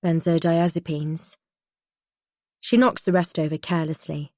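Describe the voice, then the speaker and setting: Woman reading a tense thriller audiobook, lowish voice, dry close mic. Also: normal speed, a little mellow, dry recording. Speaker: audiobook narrator. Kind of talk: first-person thriller narration.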